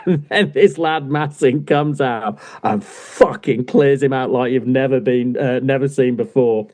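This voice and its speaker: A man co-hosting a casual football book podcast, talking in an animated way with plenty of swearing and laughter. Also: mid-range voice, normal speed, few pauses. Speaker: podcast co-host. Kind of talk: casual chat.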